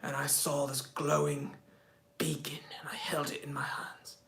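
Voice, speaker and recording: A man imitating a boastful British celebrity footballer in a put-on British accent, telling a story in a pompous, mock-grand way with hushed moments. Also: fairly high pitch, level tone, a little slow, creaky, echoey room, voice pushed down. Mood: hushed awe.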